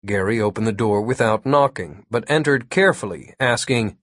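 A man reading an audiobook as narrator, with a steady storytelling delivery. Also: medium pitch, normal speed, no room sound, clean studio sound. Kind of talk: scripted narration.

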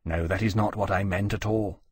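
A man doing a grave, soft-spoken dragon. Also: low-pitched, steady tone, moderate pace, breathy edge, dry recording, clean studio sound, voice pushed down. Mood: quiet. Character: large male dragon, earnest and grave. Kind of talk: audiobook character voice.

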